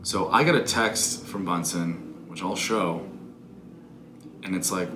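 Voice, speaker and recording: A man's voice: low-pitched, slow. A man in his twenties telling a story in casual, profane, candid talk. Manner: profane, candid, self-critical. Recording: echoey room with background noise.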